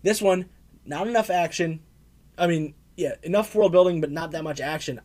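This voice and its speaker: A man's voice: a little high, moderate pace, darkish tone. A young man co-hosting a casual comic book review chat, rambling with lots of fillers and laughs. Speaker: comic book podcast co-host.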